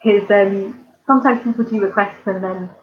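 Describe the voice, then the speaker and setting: A woman's voice: mid-range voice, fairly even intonation, normal speed, narrow, tinny audio, slight background noise. A woman from near London with a southern English accent, chatting casually with viewers on a live stream and rambling with lots of ums and giggles. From England, near London. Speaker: art channel host.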